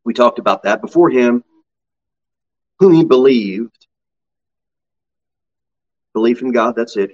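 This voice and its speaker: A man preaching a sermon as pastor, swinging from low, quiet asides to high, ringing exclamations. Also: expressive, slow pace, pauses often, dull audio.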